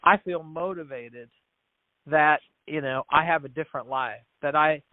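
A man whose voice is on the high side speaks at normal speed, no echo, as a guest on a podcast. A business founder, he earnestly narrates a story in the interview, voicing the dialogue and often restarting his words or repeating them. The audio sounds tinny, like a dry phone line.

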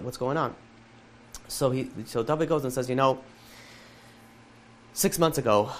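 A man, a rabbi, telling a moving story to a live audience, acting out the dialogue in quick asides. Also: medium pitch.

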